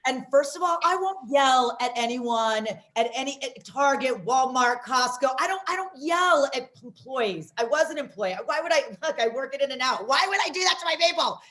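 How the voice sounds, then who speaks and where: A woman from Las Vegas hosting a comedy show, doing loud, rambling, self-mocking stand-up. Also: high-pitched, lively intonation, normal speed, hardly any pauses.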